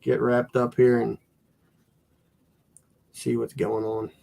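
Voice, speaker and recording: Gravelly Pennsylvania guy chatting. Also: medium pitch, completely flat delivery, takes it slowly, a little mellow. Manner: joking, easygoing. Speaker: co-host guest. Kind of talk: casual live chat.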